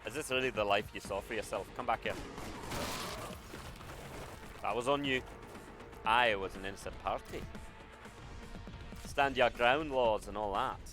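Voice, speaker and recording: A man's voice: fairly low pitch, moderate pace, long pauses, lightly acted. A man voicing a brash, bloodthirsty male soldier, taunting his enemies over game music and gunfire. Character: brash swaggering male soldier with a put-on accent.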